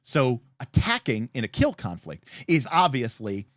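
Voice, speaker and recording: Man, livestream host, lively swooping pitch, emphatic, dry close sound. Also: a little slow, no echo. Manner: animated, emphatic explainer with many fillers. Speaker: host explaining a tabletop game. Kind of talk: livestream talk.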